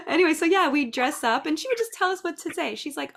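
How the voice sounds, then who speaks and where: A middle-aged woman who teaches dance and preschool, speaking in a chatty, lively way about classroom ideas. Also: high-pitched, a little fast. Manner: chatty, lively, acts out little voices. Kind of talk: casual talk.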